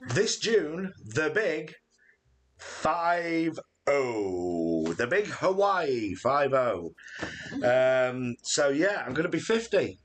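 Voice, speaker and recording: Speaking at a fairly high pitch, a channel co-host in his late forties sounds very animated and stretches his words out. He's running a live Q&A stream, rambling jokily and leaning heavily on fillers.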